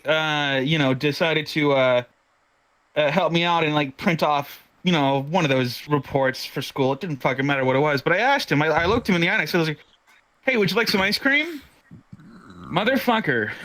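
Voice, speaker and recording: A man's voice: fairly high pitch, fairly bright tone, low-quality recording. A man in his twenties telling a profane stand-up story, with lots of stammered restarts. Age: 20s. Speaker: stand-up comedian. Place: online virtual comedy show.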